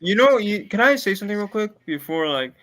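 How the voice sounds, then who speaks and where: A man on a casual live stream, talking excitedly and filling his speech with "bro" and "like". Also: high-pitched, fairly quick. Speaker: watch party co-host.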